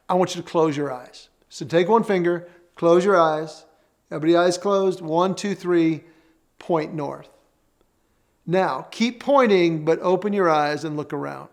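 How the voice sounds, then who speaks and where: A man presenting a faith-based marriage teaching session, earnest and conversational, telling stories and leading the audience through exercises. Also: fairly high pitch.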